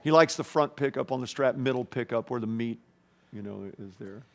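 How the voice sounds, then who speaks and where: A man's voice: medium pitch, fairly quick, vocal fry. A man, a guest guitarist, rambling through anecdotes in a casual interview and acting out voices and guitar sounds.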